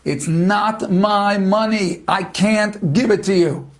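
A stubborn old rabbi talks in a low, near-whispered hush, as a man acts him out. He is fiercely principled and speaks slowly and deliberately. His voice sits well below the storyteller's usual high tone. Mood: desperate. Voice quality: low and hushed.

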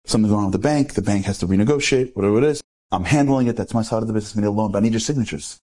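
Speaker, male, rapid animated storyteller, low husky voice, keeps asking the audience questions. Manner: animated, full of rhetorical questions and acted-out dialogue. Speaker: inspirational speaker. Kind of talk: storytelling talk to a live audience.

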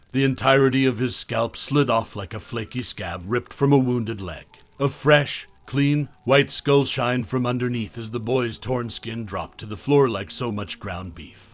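A man reading a scripted horror story aloud as the host, in a measured, calm storytelling manner. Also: medium pitch.

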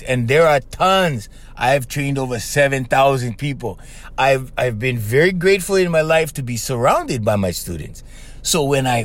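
A man from Hawaii hosting a casual podcast monologue. He talks straight to his listeners and acts out the people he quotes. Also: on the high side. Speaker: podcast host.

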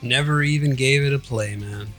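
A middle-aged man with a bright, edgy voice chats casually on a podcast, laid-back and quick to dismiss things. He laughs easily, with faint music in the background. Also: mid-range voice. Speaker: podcast co-host. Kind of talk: casual profane chat.

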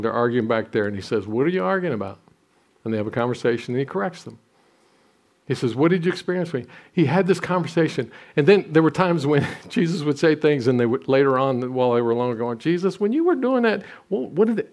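A man's voice: medium pitch, fast talker, darkish tone. Storytelling pastor in his sixties. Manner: storytelling, self-deprecating humor, frequent restarts. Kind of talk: sermon.

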